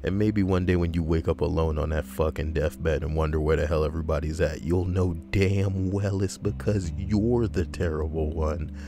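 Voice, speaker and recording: A young man with a very low, deep voice reacts to stories in a loose, profane rant, leaping up in pitch when something outrages him. Faint music plays underneath. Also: moderate pace, hardly any pauses. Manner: animated, profane, jumps high in pitch for emphasis. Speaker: commentator reading and reacting to posts. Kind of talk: casual reaction commentary.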